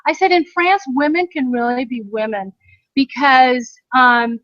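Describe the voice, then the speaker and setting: A woman's voice: high voice, unhurried, fairly bright tone, dry recording. A middle-aged American woman co-hosting a podcast, telling a story in a chatty way with frequent laughs. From United States. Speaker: podcast co-host. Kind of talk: casual chat. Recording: dry, dull lo-fi sound.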